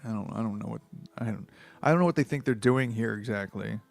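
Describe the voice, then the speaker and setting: A man's voice: fairly low pitch, fast, vocal fry, faint music behind. Congested man reading with crude asides. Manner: crude, bewildered, self-mocking asides. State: congested with a head cold. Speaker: book reader. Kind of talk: comedic reading with rambling asides.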